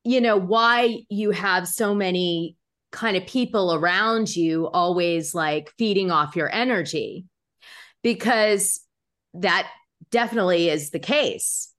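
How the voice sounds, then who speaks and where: A woman's voice: on the low side, slow, fairly bright tone. A woman hosting a casual chat, frank and blunt, swearing freely as she speaks her mind.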